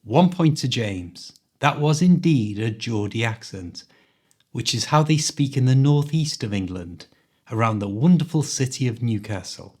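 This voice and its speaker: Mild Scouse man, mid-pitched, clear teacherly quiz host. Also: lively intonation, unhurried, darkish tone. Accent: Liverpool Scouse, mild. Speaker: podcast host, English teacher. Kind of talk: quiz host, scripted podcast.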